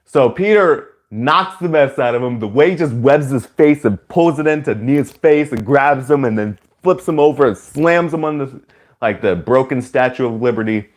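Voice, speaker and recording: This is a casual movie review from a man who talks at a moderate pace and rambles, peppering his speech with "like" and "you know." His excitement spills out as loud, high-pitched cheering.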